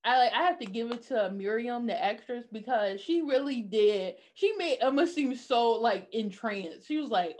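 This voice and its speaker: A young woman co-hosting a casual chat, animated and laughing often as she acts out characters' lines. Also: on the high side, moderate pace, few pauses. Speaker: podcast co-host. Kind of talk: casual chat recapping a TV show.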